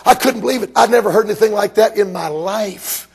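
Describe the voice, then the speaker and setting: A man from Georgia preaching a sermon, telling stories emphatically and rising to shouts. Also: high voice, fairly quick, creaky, slightly rough.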